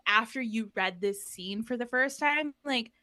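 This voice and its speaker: A woman's voice: fairly high pitch, unhurried, pushed and bright. A woman co-hosting a podcast, recapping a novel in a casual, filler-heavy way. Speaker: podcast co-host. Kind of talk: casual book chat.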